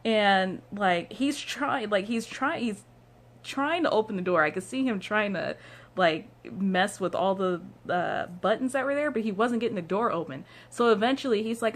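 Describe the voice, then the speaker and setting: A woman's voice: medium pitch, normal speed. A young woman vlogger telling a casual story from home into her phone, rambling with lots of "like" fillers. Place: downstairs room at home.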